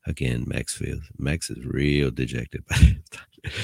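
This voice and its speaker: A man with a very low, gravelly voice tells a story in a laid-back, profane way. His tone is husky and a bit raspy. The recording is close and dry. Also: animated, normal speed, a little mellow, no room sound. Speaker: podcast host telling a prison story. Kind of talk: casual storytelling.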